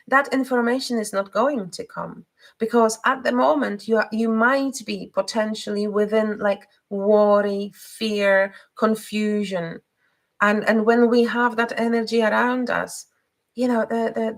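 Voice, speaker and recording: A woman giving a live spiritual card reading, speaking haltingly with many pauses, fillers and restarts. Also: a little high, low-quality recording.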